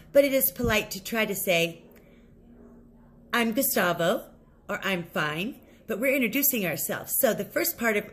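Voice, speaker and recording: A woman teaching an English lesson, modeling set phrases slowly and clearly for learners to repeat. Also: a little high. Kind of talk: recorded language lesson.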